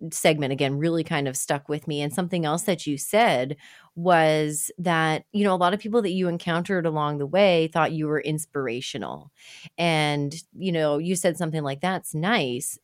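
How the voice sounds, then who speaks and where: Candid low-voiced woman podcast host. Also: dry recording, studio quality. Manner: candid, joking, swears casually. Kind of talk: casual interview chat.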